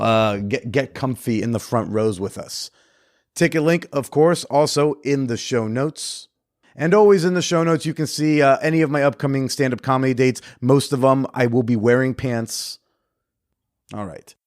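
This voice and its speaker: A man's voice: medium pitch, no room sound, studio quality. A man hosting a podcast in a casual monologue, chatty and rambling, with jokey asides. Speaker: podcast host and comedian.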